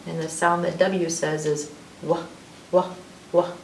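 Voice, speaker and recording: A woman reading an alphabet picture book aloud to children, with drawn-out letter sounds. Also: low voice, level tone, echoey room, distant mic, a little hiss or hum, poor audio. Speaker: librarian storyteller.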